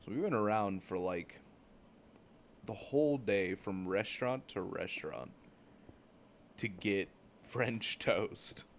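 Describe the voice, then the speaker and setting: A man's voice: fairly low pitch, slow pace, pauses often, a little hiss or hum. A young man from the United States, hosting a gaming channel, tells rambling, profane travel stories full of "like" fillers. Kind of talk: casual storytelling while gaming.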